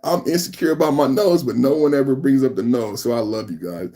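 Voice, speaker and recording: This fifties-aged man hosts a live podcast in a mellow, medium-pitched voice, talking fairly quickly. He chats casually and emphatically with his viewers, calling them brother and bro.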